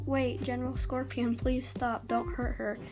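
A woman's voice: a little high, flat delivery, a little slow, darkish tone, faint music behind. Woman reading an anxious female dragon, urgent, imploring, storybook.

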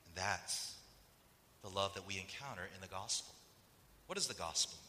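A man's voice: low-pitched, moderate pace, in a large hall, slight background noise. A man preaching a conversational sermon as pastor, telling stories and acting out the voices of the people in them. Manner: animated storytelling that acts out quoted voices.

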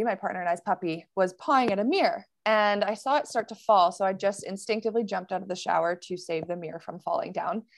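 A woman guest on a podcast, telling a personal story in a casual, animated way with many fillers and quick laughs. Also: medium pitch, dry recording.

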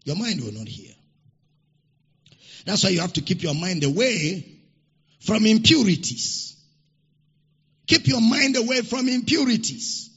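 Gravelly, lively pastor preaching. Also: male voice, high-pitched, measured pace, pauses often. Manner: emphatic preaching with repeated phrases. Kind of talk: sermon. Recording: dull lo-fi recording with long hall reverb.

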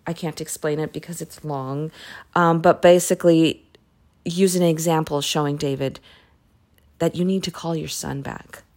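A woman casually retelling a Bible story, chatty and animated, with asides. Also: low-pitched, moderate pace. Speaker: podcast host reading the Bible. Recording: voice message recording.

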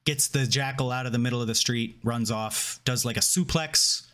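A man co-hosting a podcast, recapping and discussing a TV episode in relaxed, rambling chat full of fillers. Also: medium pitch, normal speed. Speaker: podcast co-host. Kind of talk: casual chat breaking down a TV episode.

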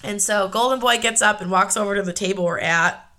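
Brief: young female podcast host, bright tone, frank and casual, confessional storytelling. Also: medium pitch, a little fast. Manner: casual, candid, swears freely, many filler "like"s.

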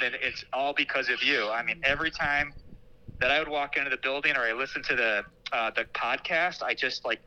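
A man in his thirties talks with a strikingly bright, forward tone as an interview guest on a remote call. He is earnest and heartfelt, often repeating a word as he starts a thought over. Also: mid-range voice, low-quality recording. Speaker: school administrator guest. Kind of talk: casual interview.

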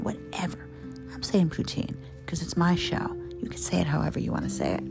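A woman's voice: low voice, very animated, fairly quick, creaky. A woman hosting a cooking show, chatting casually with opinionated, playful asides. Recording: guitar music behind the voice. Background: guitar music.

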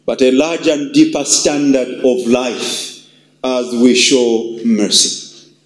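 A man preaching a sermon as pastor, emphatic and repetitive, with wide swings in pitch for emphasis. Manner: emphatic, repeats phrases, shifts pitch widely for emphasis. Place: church. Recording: echoey church hall.

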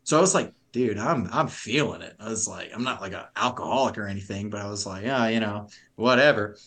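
A man's voice: fairly low pitch, a little fast, a bit bright. A young adult man on a podcast, telling a long story in rambling, profane, laugh-filled casual chat.

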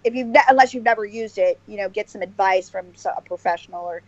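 A woman's voice: mid-range voice, quick pace, dry recording. A woman guest in a casual interview, talking earnestly and rambling with many restarts and fillers. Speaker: podcast guest. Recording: dull lo-fi dry sound.

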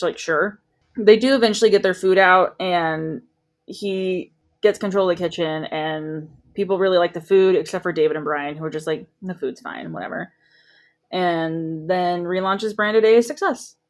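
A woman's voice: fairly low pitch, normal speed. A woman co-hosting a casual podcast, recapping a show in a breezy, sarcastic way with swearing. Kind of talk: casual chat.

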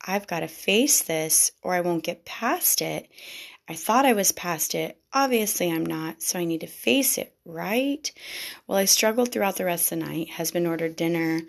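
Woman vlogger, lowish voice with vocal fry; earnest, confessional personal storytelling. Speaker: vlogger speaking to wives.

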